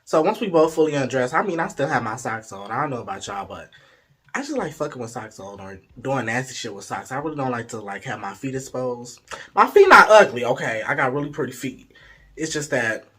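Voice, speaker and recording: A man's voice: medium pitch, animated, fairly quick, pushed and bright, breathy edge. A young man telling a frank, profane, playful story in a casual way, slipping into the voices of the people in it. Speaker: vlogger.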